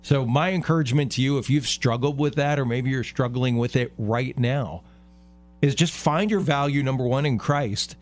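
A man's voice: mid-range voice, moderate pace. A middle-aged man co-hosting a talk radio show, speaking earnestly and emphatically in a casual way, often restarting his phrases.

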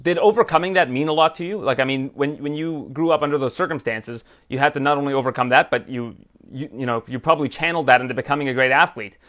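A man's voice: medium pitch, fast, a bit bright. A man interviewing a guest, asking long, probing questions with fillers.

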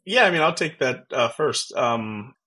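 A man's voice: mid-range voice, animated, unhurried, sharp tone, husky. A man in his thirties, a podcast guest, telling a personal story in an earnest, reflective way with many fillers and restarts. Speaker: podcast guest, tech founder.

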